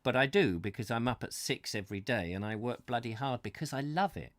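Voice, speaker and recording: Earnest, halting man in his fifties. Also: medium pitch, lively intonation, dry recording. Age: 50s. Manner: halting and rambling, full of restarts and searching for words; earnest and heartfelt. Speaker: host of a live reading channel. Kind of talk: casual live chat to viewers. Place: his own studio.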